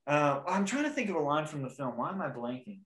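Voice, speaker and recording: Young male podcast host, bright, slightly high voice, rambling and laughing, echoey room. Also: very animated, fast. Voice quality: describes own voice as weaselly. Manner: rambling, laughing, trying out impressions. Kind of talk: casual chat.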